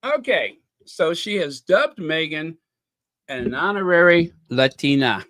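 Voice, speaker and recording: Slow, opinionated royal-news host. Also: medium pitch, expressive, fairly bright tone, no echo, clean studio sound. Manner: chatty, opinionated, laughing asides. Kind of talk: casual commentary.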